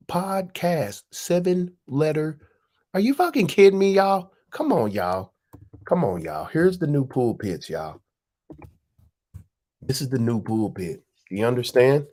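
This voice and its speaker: A man's voice: on the high side, warm tone. A man hosting his own channel, giving a profane, preachy monologue full of slang and rhetorical questions. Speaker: host. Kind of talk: casual monologue.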